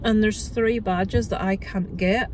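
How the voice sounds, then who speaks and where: A woman's voice: mid-range voice, fairly even intonation, measured pace, darkish tone, distant mic, a little hiss or hum. A middle-aged woman from Northern Ireland with a Northern Irish accent, chatting frankly on a phone vlog and swearing freely. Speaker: vlogger. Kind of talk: casual vlog chat.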